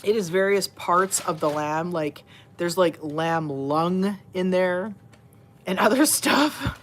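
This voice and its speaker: A woman hosts a casual livestream with her pet cats, chatting to viewers, laughing often, and cooing at the cats in baby talk. Her voice is on the low side and slow, with a little hiss or hum in the audio.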